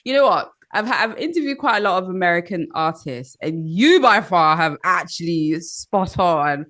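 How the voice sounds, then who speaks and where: A woman's voice: lowish voice, animated, normal speed, a bit bright. A woman hosting a casual interview, bubbly and laughing often. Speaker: interviewer host.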